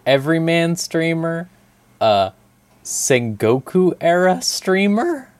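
A man co-hosting a casual podcast chat, telling stories in a rambling, animated way with lots of fillers and swearing. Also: a little high, slow pace, clear, resonant tone, no echo. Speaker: podcast co-host.

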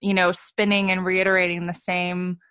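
Low-voiced woman co-hosting a coaching podcast. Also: moderate pace, clear, resonant tone, no echo. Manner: explanatory, calm, laughs easily. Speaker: podcast co-host. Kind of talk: casual podcast chat about coaching.

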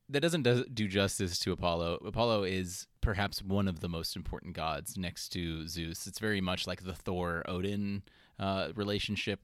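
A man co-hosting a podcast, chatting casually and rambling with quick silly impressions. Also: low-pitched, dry recording, studio quality. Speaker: podcast co-host. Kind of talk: casual chat about mythology.

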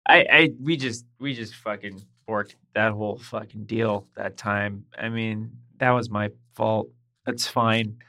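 A woman co-hosting a casual podcast from home, chatting in a rambling way and getting loud when excited. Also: rumbling low, unhurried. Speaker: podcast co-host. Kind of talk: casual chat. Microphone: home mic over a voice call.

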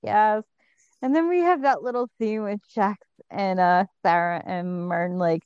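A woman with a smooth, resonant voice chatting eagerly about a TV episode. Her mic sounds dry and close, with a slightly dull, lo-fi tone. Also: mid-range voice, a little slow, a little mellow, no echo. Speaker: podcast co-host. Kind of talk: casual chat recapping a TV episode.

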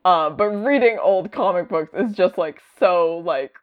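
A woman's voice: fairly low pitch, unhurried. Rambling woman with a dull lo-fi sound. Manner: rambling, many fillers, animated quoting. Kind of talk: casual chat about comics.

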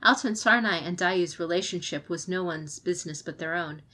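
A woman reading a fantasy novel aloud as audiobook narrator, in a steady storytelling manner. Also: fairly low pitch, normal speed. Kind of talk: scripted narration.

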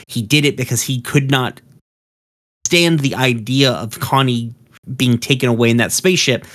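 A man's voice: mid-range voice, a bit bright. A man rambles through a casual cartoon recap. He stumbles over fillers and restarts, dropping curse words as he goes. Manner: rambling, full of ums and uhs, profane. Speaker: episode recapper.

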